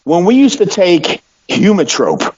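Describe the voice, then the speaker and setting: A middle-aged man on a podcast, his speaking voice sitting a little above the usual male range. He tells stories in a blunt, swearing, lively way, and the recording has a dull, lo-fi sound. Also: high-pitched, unhurried, breathy edge. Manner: blunt, profane, animated storytelling. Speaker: podcast host. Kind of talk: casual chat.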